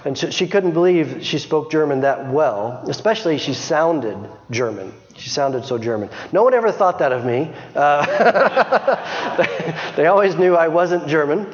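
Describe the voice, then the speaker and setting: A middle-aged man speaks to a congregation in a relaxed, chatty way, often restarting his sentences. His voice sits a little high for a man. The recording is muffled and carries the long echo of a large hall. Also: measured pace. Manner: chatty, many restarts and small laughs. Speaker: missionary reporting to a church. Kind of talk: informal church talk. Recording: dull sound, long hall reverb.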